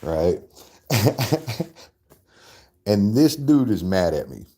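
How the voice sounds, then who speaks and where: Eating while chatting on his casual livestream, this host talks very slowly in a low, dark, very animated voice. He wanders from topic to topic, cursing freely and laughing a lot.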